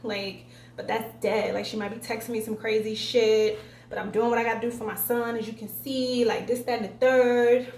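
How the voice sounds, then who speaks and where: A young woman vlogger tells her story in an animated, profane way, acting out the lines. Her voice sits fairly high. It is recorded in an echoey room with faint background noise. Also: moderate pace. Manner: profane, animated retelling with acted-out quotes. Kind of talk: casual storytelling vlog.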